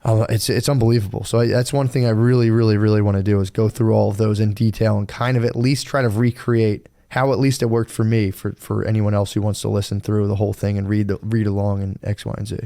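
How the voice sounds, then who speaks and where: Speaking fast with few pauses, a man with a fairly low, mellow voice keeps a level tone and some vocal fry. As co-host of a casual podcast, he rambles on about his own experiences, swearing liberally and voicing his past self in other voices.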